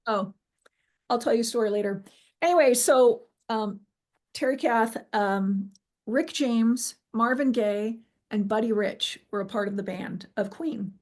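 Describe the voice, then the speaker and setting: A middle-aged woman recounting a personal near-death experience in an interview, animated and acting out what people said, with frequent fillers. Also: fairly high pitch, a little slow. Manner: animated storyteller, acts out quoted dialogue, frequent fillers. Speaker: guest telling her near-death experience.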